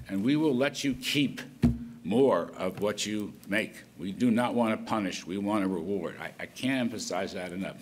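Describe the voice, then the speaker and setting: An older man giving an off-the-cuff policy speech as a government economic official, rambling with folksy asides. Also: sits low. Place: conference hall at an event.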